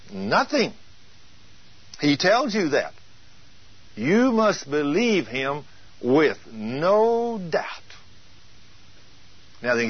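A man's voice: fairly high pitch, slightly rough, no room sound. A male preacher teaching a sermon emphatically, asking his listeners rhetorical questions. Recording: dull lo-fi taped teaching.

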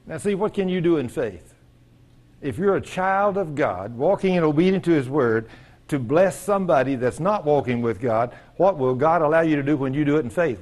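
A man preaches a sermon in church. His voice sits a little high for a man. He tells folksy stories and acts out the voices of the people in them. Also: lively intonation, moderate pace, a little mellow. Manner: folksy storytelling, acting out quoted voices.

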